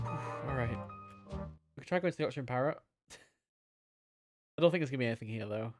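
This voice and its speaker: A young adult streamer plays a game while chatting casually and playfully, adding mock-melodramatic flair to the live-stream commentary. The voice is medium-pitched at a moderate pace, with faint music behind it.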